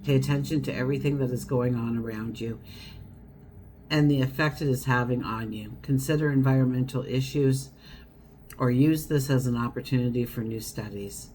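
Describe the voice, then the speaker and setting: A woman's voice: rumbling low, moderate pace, mellow, a little hiss or hum. A woman giving a casual tarot horoscope reading, chatty and wandering, acting out everyday scenes as she talks. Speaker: tarot reader.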